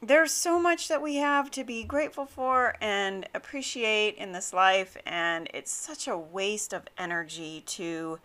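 A woman hosting a talk podcast, telling a story in a relaxed, unhurried way with a bright, clear tone. She chats freely, laughs often and fills her pauses with little fillers. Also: medium pitch. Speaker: podcast host. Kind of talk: casual storytelling monologue; scripted show intro.

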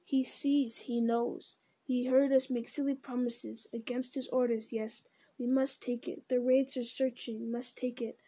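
A woman's voice: a little high, little pitch movement, unhurried, warm tone. A woman voicing a wretched male creature who argues with himself in a whining, wheedling voice. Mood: greedy. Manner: whining, wheedling, hissing repetitions. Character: wretched creature, male, split into two bickering selves.

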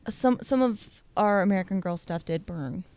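A woman's voice: mid-range voice, lively intonation, moderate pace, darkish tone, clear, resonant tone. A young woman co-hosting a podcast, chatting casually and rambling with many fillers. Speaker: podcast co-host. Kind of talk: casual chat.

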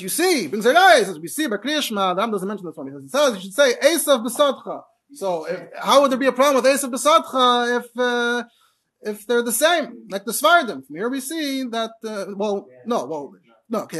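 Male Torah teacher. Talks fast and explains things with lots of asides. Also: sits high, fairly bright tone. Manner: rapid, explanatory, full of fillers and asides. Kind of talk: Torah class on Hebrew pronunciation.

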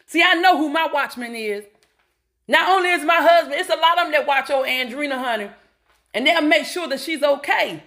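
A woman's voice: high-pitched, fairly quick, a bit bright. A middle-aged woman giving a preachy motivational talk, calling out to listeners as y'all and honey. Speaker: motivational speaker.

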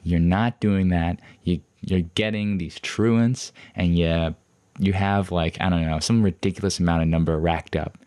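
A man's voice: low voice, steady tone, measured pace, warm tone, dry recording, studio quality. A man doing a stern scolding school counselor. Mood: lecturing. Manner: scolding, lecturing. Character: stern male high school counselor, quick-tempered.

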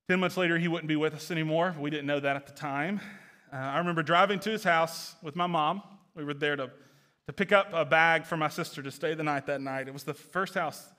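A man preaching a sermon as pastor, earnest and building to impassioned, near-shouted passages. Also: on the high side.

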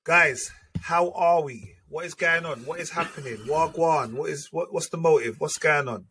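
A man's voice: fairly high pitch, moderate pace, bright, forceful tone, a little hiss or hum. A man hosting a podcast, bantering in slangy casual chat. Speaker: podcast host.

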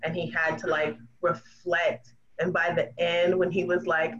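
Podcast guest, casual chat, halting fillers, muffled sound, faint background noise. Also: medium pitch, flat delivery, a bit bright.

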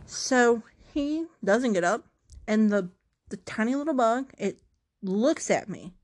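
A woman's voice: fairly high pitch, lively intonation, slow pace, darkish tone. A young woman vlogger telling a story to camera in a casual, rambling, self-mocking way, full of dramatic asides and restarts.

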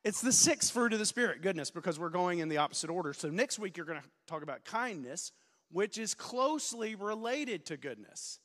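A man in his forties preaches a sermon in a church sanctuary, his fairly high voice carried by a long reverb. He jokes at his own expense, tells stories, and sometimes slips into a loud preacher voice. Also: lively intonation, fairly quick. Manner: self-deprecating, joking, storytelling, bursts of loud preaching. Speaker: student pastor, guest preacher. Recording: long reverb of a large hall.

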